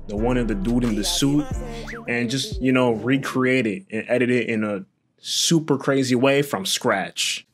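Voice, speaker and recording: A young man hosting a casual video editing tutorial from his living room, slangy, profane and joking. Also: medium pitch.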